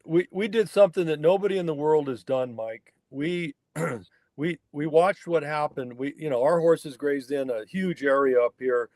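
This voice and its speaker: A man's voice: a little high, normal speed, darkish tone, no echo. A man, a wild horse researcher from the northern California mountains, telling a story as a guest on a remote interview and acting out the people he quotes.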